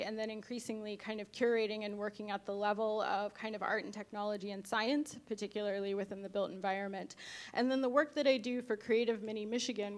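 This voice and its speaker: Fluent woman speaker at a conference. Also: medium pitch. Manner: fluent, with many "kind of" and "you know" fillers. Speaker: guest speaker, arts organization director. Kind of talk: conference talk.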